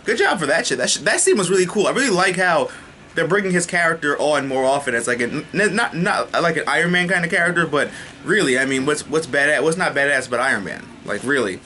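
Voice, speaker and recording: A man reviewing a TV episode in a casual, excitable way, swearing freely and restarting sentences. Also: fairly high pitch, quick pace, a little hiss or hum.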